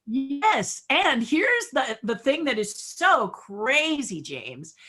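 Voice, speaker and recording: A woman guest in a casual interview, telling animated stories, acting out quotes and laughing often. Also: sits high, slow. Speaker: guest puppeteer and designer.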